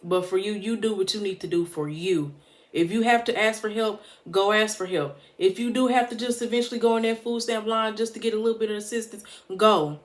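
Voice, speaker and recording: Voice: medium pitch, steady tone, a little fast. A motivational vlogger speaking straight to the camera in a heartfelt, preachy way, often repeating points for emphasis. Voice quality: emphatic, preachy, casual street-smart phrasing.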